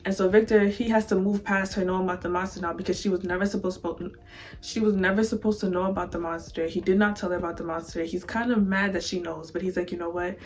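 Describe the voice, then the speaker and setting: A woman's voice: mid-range voice, fast. A woman vlogger giving a casual, dramatic storytime recap of a novel, acting out the characters as she goes. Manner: animated, dramatic, acts out characters.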